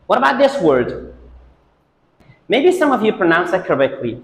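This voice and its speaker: A man whose first language is Persian teaches pronunciation, drilling each word slowly and saying it again and again. His slightly high voice moves up and down a lot. The room is echoey, and the sound trails off in a long reverb. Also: big pitch swings, a bit bright. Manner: drills words slowly, repeating each several times. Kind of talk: pronunciation lesson.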